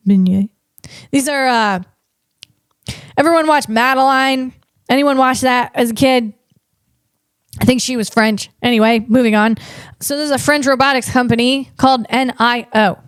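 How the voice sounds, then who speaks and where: Loud, animated female comic host with a high pitch, doing playful tech riffs. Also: clear, resonant tone, no room sound, studio quality. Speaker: comedian and podcast host. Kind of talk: comedic tech commentary.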